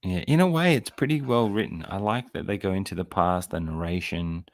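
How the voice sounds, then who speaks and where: A man's voice: low-pitched, fairly quick. A man hosting a casual live film chat, chatty and joking, reading viewer comments aloud. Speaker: host. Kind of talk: casual chat about films.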